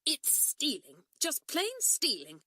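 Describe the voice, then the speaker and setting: A woman's voice: sits high, wildly swooping pitch, takes it slowly, pushed and bright, no room sound, studio quality, voice pushed up, heavily acted. A woman voicing a sensible schoolgirl who speaks emphatically and with indignation. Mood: indignant.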